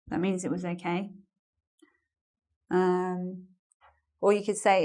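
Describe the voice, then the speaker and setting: A woman's voice: on the low side, flat delivery, takes it slowly, long pauses, darkish tone. British woman doing an online english lesson, chatty, lots of examples and asides. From England. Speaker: English teacher.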